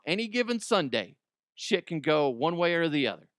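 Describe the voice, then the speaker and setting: A man's voice: on the high side, big pitch swings, moderate pace, a bit bright, dry recording, clean studio sound. A man in his forties hosting a comedy podcast, rambling in a casual, profane monologue. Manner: profane, rambling, laughs at own jokes.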